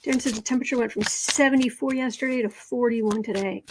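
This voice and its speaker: A woman's voice: fairly high pitch, fast talker, noisy background. A woman hosting a live political tarot reading, chatting with her viewers and reading their comments aloud, with many fillers, restarts and emphatic repetitions. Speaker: tarot livestream host.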